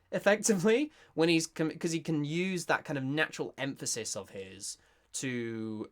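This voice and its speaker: A British voice actor from Britain giving casual, excitable reaction commentary with many restarts. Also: medium pitch. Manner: excitable, gushing, stumbling restarts.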